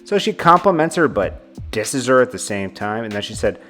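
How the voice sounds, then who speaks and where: A man's voice: medium pitch, sing-song, moderate pace, bright, forceful tone, soft background music. A man hosting a celebrity news vlog, reading out quotes and giving casual, amused commentary with chuckling asides.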